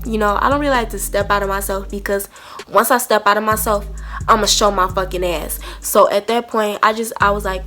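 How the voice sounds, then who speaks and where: A young woman, telling an animated storytime to camera and acting out both sides of a heated argument. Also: medium pitch, normal speed, soft background music. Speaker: storytime vlogger.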